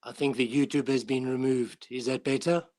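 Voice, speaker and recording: A man's voice: medium pitch, steady tone, moderate pace, a little mellow, dry recording. A man with a New Zealand accent, a guest on a live stream, giving polite, brief replies over a remote call. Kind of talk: casual live stream chat.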